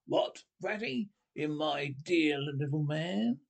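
A man voicing a rough-voiced, gruff but kindly old male badger in a storybook reading. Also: fairly high pitch, animated, slow, full character voice. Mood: concerned.

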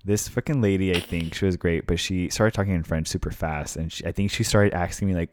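A man co-hosting a podcast in casual chat, an animated storyteller who swears casually. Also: low voice, fast talker, hardly any pauses, no echo, studio quality. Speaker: podcast co-host.

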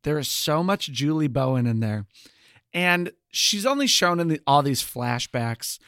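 A man's voice: fairly high pitch, sing-song, a little slow, a bit bright, clear, resonant tone, no room sound. Wry male podcast co-host, dry sound. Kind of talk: casual chat reviewing a TV show.

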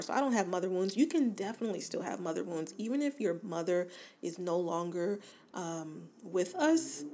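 A woman's voice: lowish voice, a little mellow. A woman in her forties hosting a self-help podcast, talking earnestly and encouragingly, with many fillers and restarts. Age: 40s. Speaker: podcast host.

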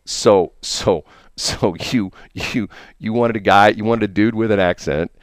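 A man's voice: lowish voice, unhurried, dry recording, studio quality. A man hosting a casual chat, playfully teasing and interrupting his co-host.

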